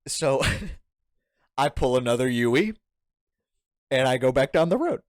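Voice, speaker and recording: Animated rambling young man telling a story. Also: medium pitch, takes it slowly, no echo, studio quality. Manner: animated, rambling, laughing, acts out quoted lines. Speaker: podcast guest. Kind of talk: casual storytelling chat.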